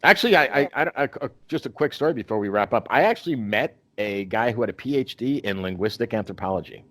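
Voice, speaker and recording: A man's voice: mid-range voice, expressive, quick pace, a bit bright, no room sound. A man hosting a podcast in casual chat, rambling with many restarts and fillers. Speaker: podcast host.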